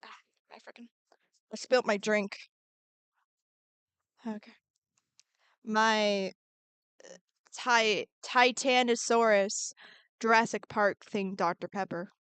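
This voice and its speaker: A woman's voice: medium pitch, steady tone, takes it slowly, pauses often, fairly bright tone, smooth, no room sound. Bubbly woman chatting while she draws. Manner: bubbly, chatty, reads and answers chat, mutters while drawing. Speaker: art streamer. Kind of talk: casual live-stream chat while drawing.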